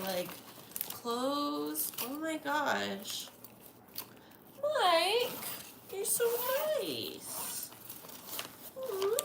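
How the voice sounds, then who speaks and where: Streaming from home at night, a young woman unboxes items for her viewers, full of gasps and delighted gushing. Her voice sits high and echoes with reverb over noisy stream audio.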